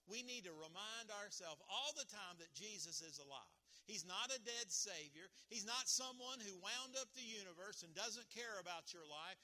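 Pastor guy preaching, real bright high voice, gets worked up and repeats himself. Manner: animated, emphatic preaching with frequent restarts. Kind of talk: sermon.

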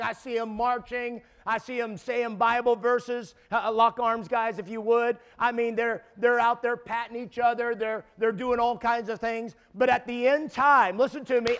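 Brief: man around 60, preacher, high-pitched, stammering repeats, builds to shouts. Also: smooth. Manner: emphatic, repeats words, rises to shouting peaks. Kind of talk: sermon.

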